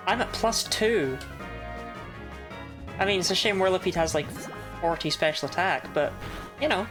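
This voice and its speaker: A woman's voice: on the low side, normal speed, pauses often, music in the background. A woman chatting casually while streaming a game, laughing often and swearing now and then. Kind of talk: casual live-stream commentary.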